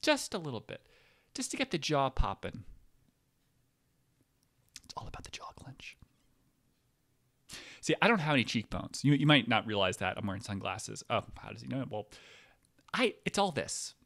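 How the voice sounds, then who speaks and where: A man's voice: medium pitch, big pitch swings, a little fast, creaky, fairly bright tone. A man ranting casually to his viewers from a chair, swearing often, rambling and cutting himself off. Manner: profane, rambling, self-interrupting. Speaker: vlogger. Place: seated indoors in a chair.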